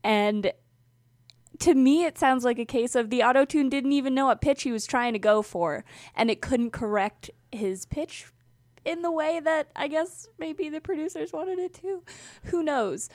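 A woman's voice: high voice, a little slow, dry recording. Giggly woman co-host of a music chat. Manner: chatty, laughs often, animated asides. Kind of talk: casual music review chat.

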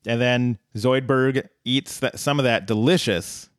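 Smooth-voiced man recapping casually. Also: medium pitch, a little slow, no room sound, clean studio sound. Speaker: podcast co-host. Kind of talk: casual episode recap chat.

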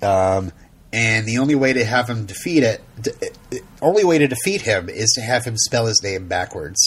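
A man's voice: on the low side, expressive, normal speed, slightly rough. A man co-hosting a casual chat, rambling with frequent ums and light laughs. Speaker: podcast co-host.

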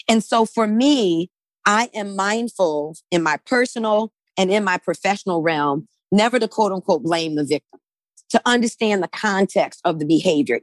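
A woman's voice: on the low side, no echo. Emphatic woman in a dry-sounding discussion. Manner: emphatic, often ends points with "right?". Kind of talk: conversational discussion.

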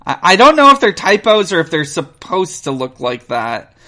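Lively man reading a gamebook aloud. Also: high-pitched, moderate pace. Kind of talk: casual reading aloud and chat.

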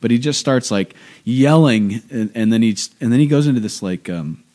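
A young man chatting casually, telling lively stories and acting out children's voices. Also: medium pitch, fast. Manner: animated storyteller, acts out kids' voices. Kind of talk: casual chat.

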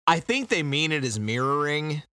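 A man's voice: on the high side, moderate pace. A man casually recapping a book on a podcast, sarcastic, acting out the characters in mocking voices. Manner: sarcastic, animated storytelling with mocking quoted voices. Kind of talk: casual chat.

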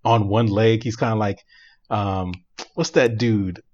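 A man co-hosting a casual movie review chat, retelling scenes in an animated, slangy way. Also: fairly low pitch, measured pace, highs cut off. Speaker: podcast co-host reviewing movies.

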